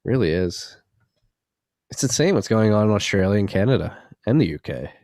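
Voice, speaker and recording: A man's voice: on the low side, lively intonation, moderate pace, a little mellow, dry recording, clean studio sound. A man co-hosting a podcast in loose, rambling, profane casual chat. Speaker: podcast co-host.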